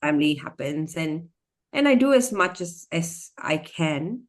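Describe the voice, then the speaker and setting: Animated woman storyteller. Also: low-pitched, a little slow. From Singapore. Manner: animated, expressive, slips into acted voices. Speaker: storyteller and educator, guest. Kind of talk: casual interview conversation.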